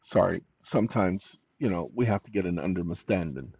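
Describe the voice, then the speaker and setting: A man hosting a ranting commentary, dictating replies with punctuation spoken aloud and shouting commands. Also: low voice, animated, normal speed, creaky, hardly any pauses, breathy edge, no echo, dull audio. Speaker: channel host.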